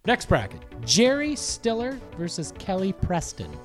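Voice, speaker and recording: A man running a playful podcast game, his voice pitched a touch high and moving a lot as he asks questions and keeps things going. Soft music plays faintly underneath. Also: wildly swooping pitch, unhurried. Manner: leads the rounds, quizzes the others. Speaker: podcast co-host. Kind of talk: casual chat.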